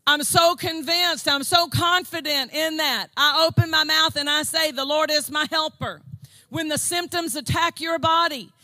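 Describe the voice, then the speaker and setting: A woman preaching a fervent sermon, repeating phrases and building to shouted declarations. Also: high voice, steady tone, normal speed, dry recording. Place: church service.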